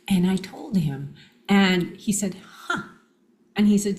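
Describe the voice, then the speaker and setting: A middle-aged woman, a guest in an interview, telling personal stories in an animated way and acting out quoted dialogue. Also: medium pitch, unhurried.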